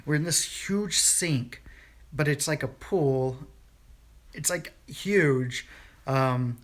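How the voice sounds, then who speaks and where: A man in his thirties telling a dream story in a casual morning vlog from bed, rambling with many fillers and restarts. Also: medium pitch. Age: 30s. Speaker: vlogger. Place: home, in bed.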